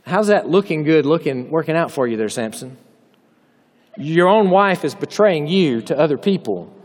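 Southern male preacher, high voice, folksy jokes, chapel echo. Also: a little mellow. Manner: folksy, joking asides, direct address to the audience. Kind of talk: humorous chapel sermon. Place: chapel hall. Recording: long hall reverb.

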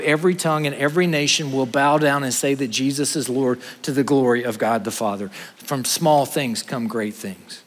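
A man, a pastor preaching an earnest sermon to his congregation, trading quick asides for slow, stressed points. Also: a little high, in a large hall. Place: church sanctuary.

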